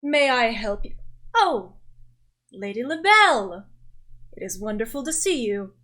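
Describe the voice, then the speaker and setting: A woman's voice: a little high, sing-song, measured pace, fairly bright tone. A woman game master voicing an elderly male butler who speaks in a formal, faintly disapproving way. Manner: prim, proper, faintly disapproving.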